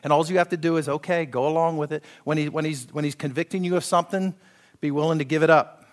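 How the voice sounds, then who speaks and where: Conversational preaching man, lively delivery. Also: fairly high pitch, quick pace. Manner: conversational preaching, acts out quoted voices, asks the congregation for agreement. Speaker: pastor. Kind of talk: sermon.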